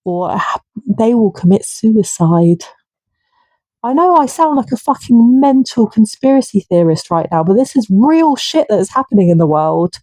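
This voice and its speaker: A woman's voice: fairly high pitch, expressive, moderate pace, dark tone, no room sound. A woman ranting to camera, heated and indignant, swearing freely. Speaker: vlogger. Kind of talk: impassioned political rant.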